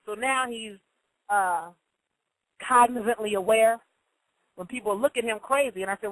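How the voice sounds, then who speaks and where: A woman's voice: a little high, normal speed, pauses often, a bit bright, dry recording, poor audio. A woman hosting a casual monologue who tells stories bluntly, swears freely and acts out the voices of the people she quotes. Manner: blunt storytelling, profane.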